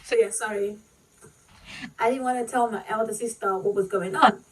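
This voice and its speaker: A woman vlogger telling a painful personal story, halting and full of "like" and "you know", fighting back tears. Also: medium pitch, steady tone, far from the mic, a little hiss or hum, poor audio.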